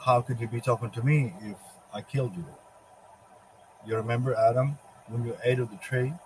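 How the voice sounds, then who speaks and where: A man's voice: mid-range voice, fairly even intonation, moderate pace, a little mellow, slight background noise, close to an everyday voice, poor audio. Satan, a man voicing a gloating devil. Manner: taunting, self-satisfied.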